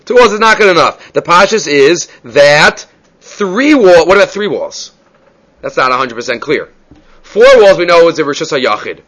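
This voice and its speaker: A man's voice: fairly high pitch, big pitch swings, moderate pace, a bit bright. A man teaching a Talmud class, reading passages aloud and explaining them step by step, often asking questions and answering them himself.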